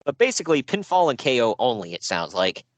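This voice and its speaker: A man co-hosting a casual podcast about wrestling shows, sarcastic and animated, laughing often. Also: medium pitch, quick pace, no room sound, muffled recording.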